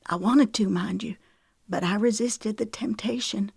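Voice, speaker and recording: A woman's voice: medium pitch, unhurried, vocal fry, husky, no room sound, studio quality, pitched above the performer's own voice. Tearful young woman, read by a woman narrator. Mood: tearful soft. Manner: soft, near whisper, trembling.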